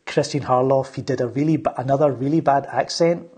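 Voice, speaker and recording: A man in easy podcast conversation, his voice a little husky at an ordinary middle pitch. He rambles along and keeps restarting his sentences around plenty of fillers. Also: steady tone, a little fast, darkish tone. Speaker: channel host. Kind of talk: casual podcast chat.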